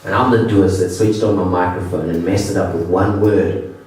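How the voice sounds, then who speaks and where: A male stand-up comedian with a lowish voice, talking in a self-deprecating way with halting restarts. The sound is very echoey and taken from some distance, with faint noise behind. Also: steady tone, darkish tone. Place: comedy venue with audience. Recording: echoey room from afar.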